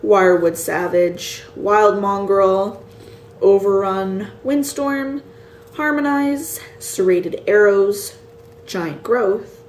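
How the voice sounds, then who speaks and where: A tired, yawning woman showing off a card game box set, slowly reading out card names and sometimes unsure how to say them. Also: mid-range voice, darkish tone. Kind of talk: casual show-and-tell. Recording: echoey room with faint ambient noise.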